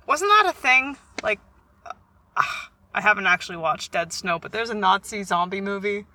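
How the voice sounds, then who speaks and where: Blunt, joking young woman, bright voice. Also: medium pitch, expressive, normal speed. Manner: blunt, swears freely, jokey. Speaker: podcast co-host. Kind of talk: casual chat.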